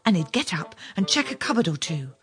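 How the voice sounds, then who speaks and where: Brief: animated woman storyteller, lively pitch, faint music underneath. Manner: expressive, drawn-out storytelling. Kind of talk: scripted fairy-tale narration.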